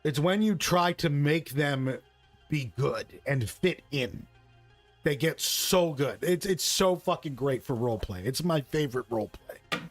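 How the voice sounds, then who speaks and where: A man chatting casually and excitedly about tabletop gaming, swearing, laughing and tossing in "bro" and "right". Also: fairly high pitch, a little slow, no room sound, faint music behind.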